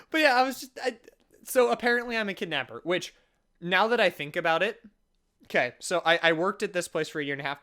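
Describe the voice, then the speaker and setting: Young guy doing a storytime vlog, bright voice, sarcastic and jokey, keeps restarting his sentences. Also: fairly high pitch, smooth. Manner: animated, sarcastic, jokey with frequent self-interruptions. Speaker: vlogger.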